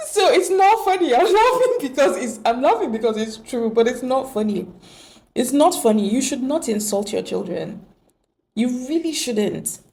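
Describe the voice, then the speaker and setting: A woman's voice: sits high, big pitch swings, moderate pace, a little mellow. A woman giving an earnest, emphatic motivational monologue on relationships, full of rhetorical questions. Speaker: relationship speaker.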